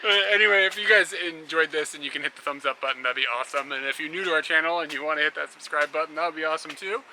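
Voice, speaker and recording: A man's voice: on the high side, rapid-fire, sharp tone, slight background noise, low-quality recording. A man vlogging casually while traveling, rambling and laughing often. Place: outdoors on a motorbike trip.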